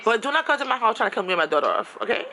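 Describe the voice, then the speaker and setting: A woman ranting about her apartment in a casual vlog, frustrated and animated, her pitch jumping high when she's exasperated. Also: rapid-fire. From New York. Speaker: vlogger. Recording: background noise.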